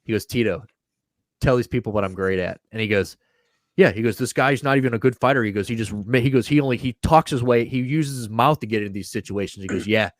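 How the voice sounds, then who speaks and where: Brief: male podcast co-host, crude animated storyteller, dry close mic. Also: lowish voice, quick pace, dry recording. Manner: profane, animated storytelling with frequent laughter. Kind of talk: casual podcast banter.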